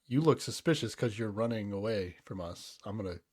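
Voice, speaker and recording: A man's voice: on the low side, animated, a little fast, a little mellow, slightly rough, dry recording, clean studio sound. A man briefly mocking a brusque male cop who barks an order, in a curt, bossy way.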